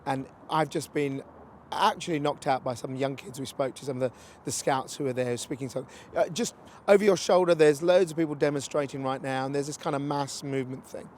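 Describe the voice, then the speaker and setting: A man's voice: medium pitch, steady tone, a little fast, slight background noise. A man interviewing a guest outdoors, asking questions in a chatty, conversational way. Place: outdoors near a street demonstration.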